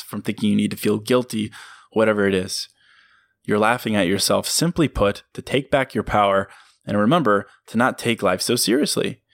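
A man hosts a motivational podcast on his own, pressing his points with emphatic sincerity. His voice sits low, and he laughs easily between thoughts. The sound is dry and close, with no room around it. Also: no room sound. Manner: earnest, emphatic, laughs often. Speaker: podcast host. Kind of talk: motivational solo podcast talk.

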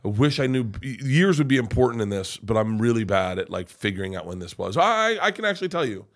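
A middle-aged male comedian, appearing as a guest, tells stories in a casual chat, rambling and swearing with frequent restarts. His mid-range voice is very animated and runs a little fast.

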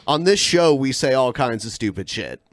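A man's voice: mid-range voice, animated, normal speed, no echo. A man co-hosting a podcast in loose comedic banter, now and then mocking trolls in a whiny put-on voice. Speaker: podcast co-host.

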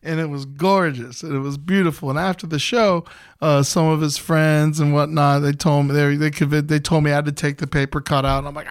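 A man's voice: a little high, steady tone, fairly quick, no room sound. Profane, storytelling man with a dry close sound. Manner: loose and profane, jumps into loud hype-man shouting when retelling. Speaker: podcast host. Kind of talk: casual storytelling.

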